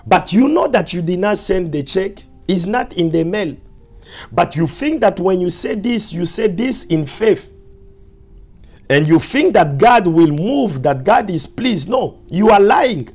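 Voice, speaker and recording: A male pastor preaching a sermon, repeating his points with emphasis and dropping to soft, low asides. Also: lively intonation, a little slow, soft background music.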